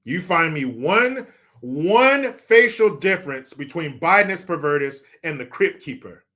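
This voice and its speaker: A man's voice: a little high, animated, measured pace, bright, forceful tone. A man reading viewer comments on a live stream, joking, swearing and mock-outraged.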